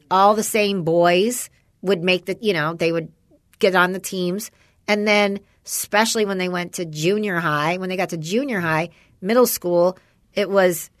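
A woman's voice: mid-range voice, fairly bright tone, no echo, studio quality. A woman in casual chat with a friend, rambling through a story about her son and acting out what people said. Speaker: parent chatting with a friend.

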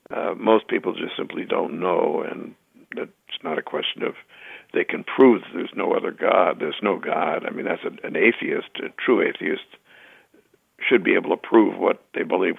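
A man's voice: deep voice, vocal fry, dry recording. A man speaking as an interview guest, talking hesitantly with many fillers and restarts. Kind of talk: conversational interview. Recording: tinny phone line.

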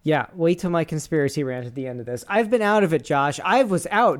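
A man's voice: fairly high pitch, a little fast. A man co-hosting a casual podcast, rambling and swearing as he reads posts aloud with asides. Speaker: podcast co-host.

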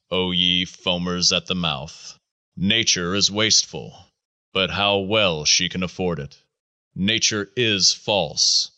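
A man narrating an audiobook in a measured, solemn recitation. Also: low-pitched, pushed and bright, dry recording.

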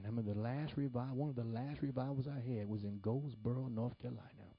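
A man preaching a sermon, telling stories with animated swings between loud exclamations and hushed whispers. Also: mid-range voice, fairly quick, slightly rough, no echo, lo-fi sound. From Detroit, Michigan. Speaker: pastor. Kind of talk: sermon storytelling.

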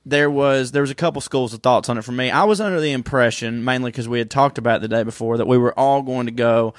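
A man's voice: medium pitch, fast talker, dry recording, studio quality. A young man, co-hosting a podcast and telling rambling stories in casual chat, swearing freely. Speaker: podcast co-host.

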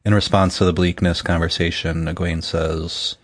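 A man with a very low voice co-hosts a casual book chat. He reads passages aloud between the talk and laughs easily. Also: flat delivery, normal speed, hardly any pauses. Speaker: podcast co-host.

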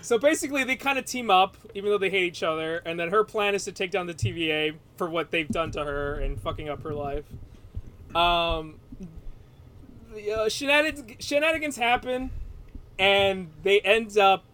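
A man's voice: high voice, lively intonation, normal speed, fairly bright tone, slight background noise. A man co-hosting a podcast, rambling casually through a recap, laughing and swearing freely. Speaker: podcast co-host.

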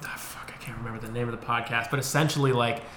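A man's voice: medium pitch, steady tone, very fast, a bit bright. A man co-hosting a podcast, telling a story in casual, profane chat and laughing often. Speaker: podcast co-host. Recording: roomy sound with faint noise.

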